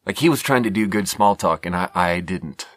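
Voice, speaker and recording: Low-voiced man telling a rambling story. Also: lively intonation, dry recording, clean studio sound. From Sweden. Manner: rambling, self-deprecating, halting with fillers. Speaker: podcast host. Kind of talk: casual storytelling monologue.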